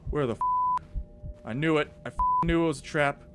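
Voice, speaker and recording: A man commentating as he plays a horror game, jumpy and animated, swearing under his breath at scares. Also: a little high, a little fast, background noise. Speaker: gaming YouTuber.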